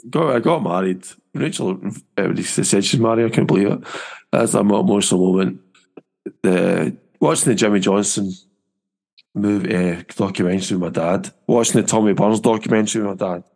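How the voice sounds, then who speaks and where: Low-voiced rambling football podcast host. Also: male voice, fairly quick, gravelly, darkish tone. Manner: rambling, chatty, with frequent restarts and laughs. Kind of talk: casual football chat.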